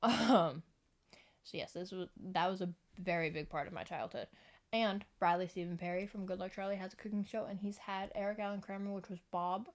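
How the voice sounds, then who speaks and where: A woman's voice: mid-range voice, steady tone, a little fast. A young woman vlogging to camera at home into a microphone, rambling casually, giggling and often apologizing. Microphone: external microphone.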